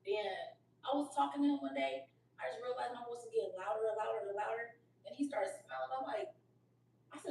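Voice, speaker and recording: A woman talks candidly on a couch, animated in her storytelling and loose with slang. She sits some way back from the microphone, and the room around her rings. A faint hum runs beneath her voice. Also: fairly high pitch, fairly quick, vocal fry. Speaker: host. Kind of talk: casual couch chat. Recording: roomy, distant mic with faint hum.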